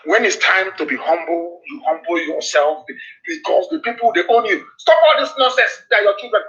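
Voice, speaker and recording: A man with a Nigerian accent delivers an impassioned political address, hammering his points with repeated warnings. His voice sits unusually high and cuts through with a bright, tense edge. The recording is dull and lo-fi, like a replayed broadcast. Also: brisk. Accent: Nigerian English. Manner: impassioned, denouncing, repetitive warnings. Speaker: activist broadcaster.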